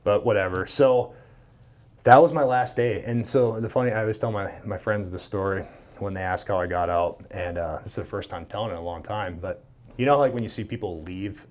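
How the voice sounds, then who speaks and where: Animated storytelling man, low voice. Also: a little fast. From Minnesota. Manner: animated, swears freely, acts out quoted dialogue. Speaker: podcast guest. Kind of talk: casual storytelling.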